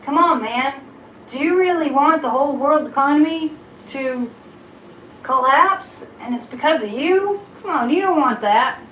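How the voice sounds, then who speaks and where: A woman's voice: high-pitched, expressive, measured pace, a bit bright, roomy sound, a little hiss or hum, pitched above the performer's own voice, poor audio. A woman doing a weak impression of an older male politician, pleading in a coaxing, folksy way.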